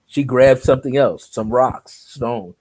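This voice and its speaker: A man's voice: mid-range voice, a little slow, a little mellow. A man telling a personal story as an interview guest, acting out the dialogue and laughing often.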